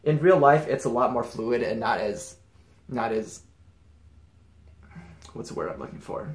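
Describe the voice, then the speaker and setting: A man's voice: medium pitch, unhurried. Male teacher, casual lesson, easygoing step-by-step explainer, echoey room. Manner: relaxed, explains step by step with examples. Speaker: language teacher. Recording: roomy echo.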